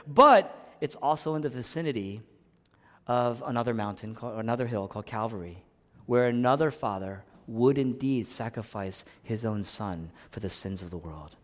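A man preaching a sermon, swinging from hushed, quiet lines to loud, impassioned ones and repeating phrases for emphasis. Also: medium pitch, lively intonation, moderate pace, in a large hall.

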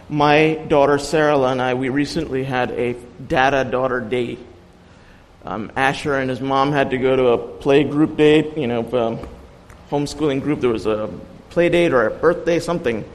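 A man's voice: fairly high pitch, in a large hall, poor audio. A man giving an earnest sermon as a guest preacher, telling personal stories with light humor.

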